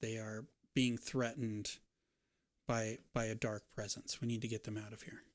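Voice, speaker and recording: A man voicing an urgent young woman, just freed from captivity, in a tabletop game, speaking in a hurried, tense way. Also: on the low side, level tone, no echo, studio quality, close to an everyday voice.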